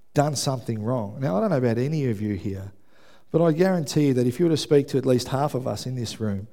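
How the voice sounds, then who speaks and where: A man preaching a sermon in a church, telling lively stories and acting out quotes with self-mocking asides. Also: mid-range voice. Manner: animated storytelling, acts out shouted quotes, self-deprecating asides. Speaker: pastor. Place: church hall with congregation.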